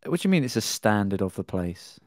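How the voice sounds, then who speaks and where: A man's voice: fairly low pitch, big pitch swings, fairly quick, a little mellow, dry recording, studio quality. A man co-hosting a casual podcast, bantering and saying "mate" a lot. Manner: banter, says mate often. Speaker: podcast co-host.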